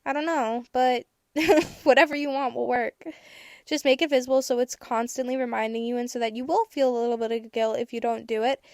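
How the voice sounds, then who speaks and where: A teenage girl hosting a podcast, giving candid, chatty advice with casual swearing and bursts of excitement. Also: fairly high pitch, brisk, no room sound, clean studio sound. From United States. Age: teens. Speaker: podcast host.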